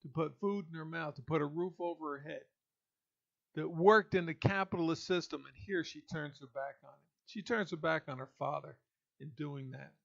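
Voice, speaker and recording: A man giving an indignant, emphatic opinion monologue, pausing and restarting as he speaks. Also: a little high, vocal fry. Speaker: political commentator. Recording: dull lo-fi audio.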